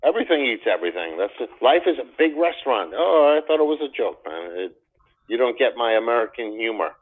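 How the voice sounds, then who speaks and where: A man's voice: mid-range voice, fast. New guy cracking jokes, bouncy voice, sounds like a phone line. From New York. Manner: joking, laughing, lively. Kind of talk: casual chat. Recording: tinny phone-like call audio.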